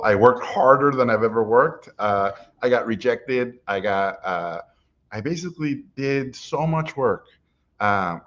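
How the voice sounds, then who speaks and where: A middle-aged man, an animation director, telling stories from his life in an animated way, often chuckling as he talks. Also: medium pitch. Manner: animated storyteller, chuckles while telling anecdotes. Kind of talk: personal storytelling talk. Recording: dull lo-fi recording.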